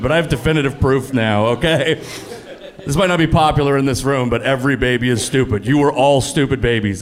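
A man in his thirties performing a stand-up comedy set on a club stage, with a punchy, animated delivery that jumps up on the punchlines. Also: medium pitch. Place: comedy club stage before a laughing audience.

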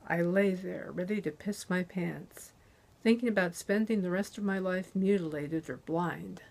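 A woman narrating a thriller audiobook in the first person, with a tense, unhurried delivery. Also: fairly low pitch, gravelly, a little mellow.

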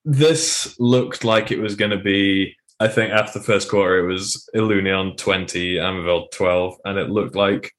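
A man co-hosting a sports podcast, talking through games in a measured, analytical way with frequent hesitations. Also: deep voice. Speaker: podcast co-host. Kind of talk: casual sports chat.

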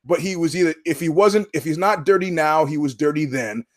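Guy hosting a podcast, bit of a higher voice, cussing and repeating himself for emphasis. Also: fairly quick. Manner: profane, emphatic, repeats words for punch. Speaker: podcast host. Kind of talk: casual podcast commentary.

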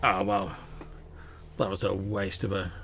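Grumpy old wizard grumbling offhand, low and gravelly , gm voicing him. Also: male voice, monotone, measured pace, fairly bright tone, a little hiss or hum.

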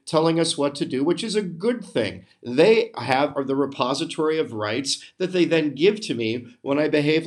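Indignant American man ranting. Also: fairly high pitch. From United States. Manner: emphatic, indignant, sarcastic. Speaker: podcast host. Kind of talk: opinion monologue.

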